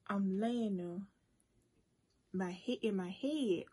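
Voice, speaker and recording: A woman vlogger telling a story casually to her viewers, animated and talking straight to them. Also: medium pitch, slow, slightly rough. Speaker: cooking and mukbang vlogger. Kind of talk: casual storytime while eating.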